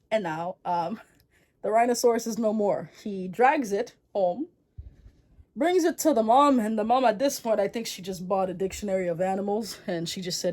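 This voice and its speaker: A woman's voice: medium pitch, normal speed, a little mellow. A young woman retelling a folktale in a casual, slangy, rambling way, full of wry asides. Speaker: storyteller.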